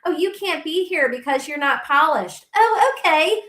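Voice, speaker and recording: Combative high-voiced woman, echoey room. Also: moderate pace, sharp tone. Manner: combative, blunt, profane. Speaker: guest. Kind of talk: heated interview.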